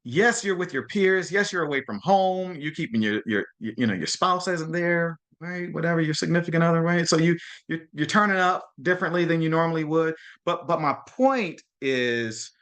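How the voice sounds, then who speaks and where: A man's voice: a little high, normal speed, few pauses, fairly bright tone. A man hosting a group video call, giving a casual talk and often checking in with his listeners. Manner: chatty, keeps checking in with "okay?" and "right?"; frequent restarts and repeated words. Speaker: host of a mastermind call.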